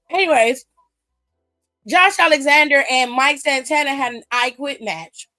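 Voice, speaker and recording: A woman's voice: high voice, measured pace, bright, forceful tone, soft background music. A woman hosting a wrestling aftershow, recapping matches in a blunt, sassy, casual way full of slang.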